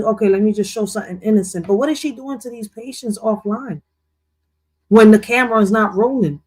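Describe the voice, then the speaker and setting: A man co-hosting a news commentary show, talking casually with heated, profane outbursts. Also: sits high. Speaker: co-host.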